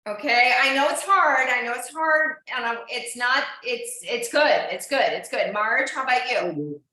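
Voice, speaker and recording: In a live online indoor cycling class, a woman instructor cheers on her riders and checks in with each of them by name. Her voice is on the high side and sharp, with lively intonation and a measured pace. The recording is very echoey.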